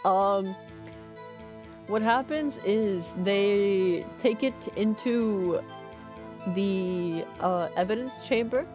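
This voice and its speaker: Over music, a young VTuber with a mid-range voice speaks very slowly while streaming a game. She's playful and jokey, reading out the characters' lines in voice.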